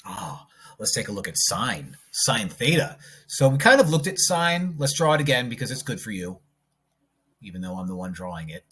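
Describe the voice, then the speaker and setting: A man's voice: on the low side, big pitch swings, normal speed, pushed and bright, breathy edge. A man teaching a math lesson on video, talking himself through each step as he draws graphs, with playful asides. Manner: jokey, talks to himself while working problems.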